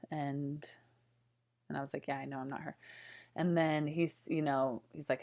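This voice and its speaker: A woman in her thirties telling a personal story straight to camera in a casual, animated way, full of fillers and swings from loud to hushed. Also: deep voice, normal speed, pauses often. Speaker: vlogger.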